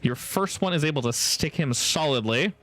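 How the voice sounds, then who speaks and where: A man's voice: on the high side, animated, a bit bright, soft background music. A man narrating a tabletop game as game master, playful and helpful with the players. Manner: playful, quick to laugh, helpful.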